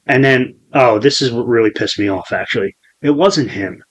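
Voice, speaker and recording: A man's voice: mid-range voice, normal speed, breathy edge, low-quality recording. Profane, rambling man in his forties. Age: 40s. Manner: profane, rambling storyteller with many restarts. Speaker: podcast host. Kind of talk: casual podcast chat.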